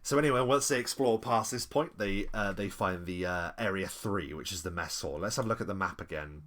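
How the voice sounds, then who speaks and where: Deep-voiced man, chatty live streamer, rambling, apologetic. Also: brisk, fairly bright tone. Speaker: streamer reviewing an old adventure module. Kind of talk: live-stream commentary with chat reading.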